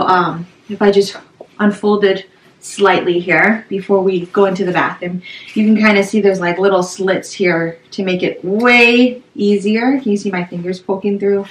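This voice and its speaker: A young woman reviewing a shower curtain in a casual, upbeat vlog, talking with lots of "um" and "like". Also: medium pitch. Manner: chatty, upbeat, with frequent "um" and "like". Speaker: product reviewer. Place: small home bathroom. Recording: echoey bathroom, mic at a distance.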